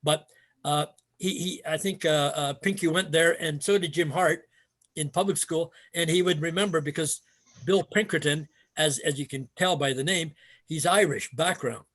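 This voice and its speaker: Speaking at a moderate pace in a slightly bright, higher-leaning voice, an older man from Canada recounts stories from his days as a martial arts instructor, now retired. It's a casual interview, and he rambles, filling gaps and restarting often.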